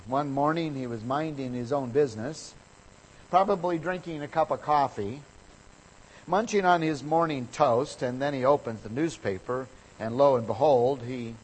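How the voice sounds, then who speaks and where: A man preaching a sermon, reading scripture and telling an anecdote with lively quoted voices. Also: mid-range voice, husky, rough recording. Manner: storytelling, animated with voices for quoted people. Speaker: pastor.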